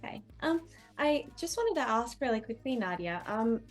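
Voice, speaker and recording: A woman's voice: a little high, big pitch swings, normal speed, soft background music. A woman playing a tabletop role-playing game, speaking in character with a shy, stammering manner. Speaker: player.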